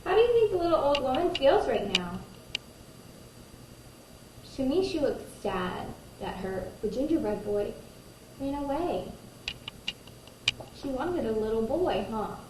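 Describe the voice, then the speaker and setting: A woman kindergarten teacher reading a picture book aloud to children, gentle, pausing to ask them questions. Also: high-pitched, big pitch swings. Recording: roomy echo, distant mic, faint noise.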